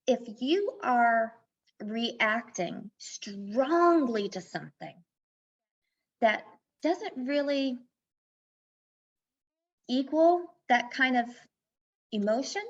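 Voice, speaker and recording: Woman, life coach guest, earnest, fairly high voice, dull lo-fi recording. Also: animated, extremely slow, pauses often. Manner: earnest, mixes advice with personal stories. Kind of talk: candid podcast interview. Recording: dull lo-fi sound.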